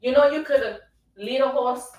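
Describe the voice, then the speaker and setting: Lady hosting radio, preachy and pushy, kinda high voice, sounds far off the mic in an echoey room. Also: moderate pace, darkish tone. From Trinidad. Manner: emphatic, preachy, keeps asking "you understand?". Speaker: radio show host. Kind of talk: motivational casual talk.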